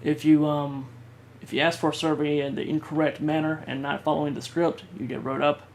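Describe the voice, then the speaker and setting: A man vlogger telling a personal story in a halting way, with many fillers and restarts. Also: fairly high pitch, little pitch movement.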